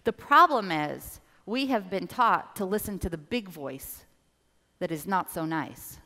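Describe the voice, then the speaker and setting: A woman coach speaks to a live audience in a bright, crisp voice, animated and direct. She keeps prompting the room to answer and repeat after her. Her voice rings with a long reverb from a large event hall. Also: on the low side, measured pace. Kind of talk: motivational seminar talk.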